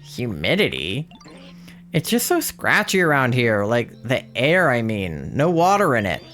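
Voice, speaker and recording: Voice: mid-range voice, huge pitch swings, unhurried, fairly bright tone, faint music behind, voice pushed down. A streamer voicing a sleepy, easygoing Pokémon while reading game dialogue aloud. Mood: drowsy.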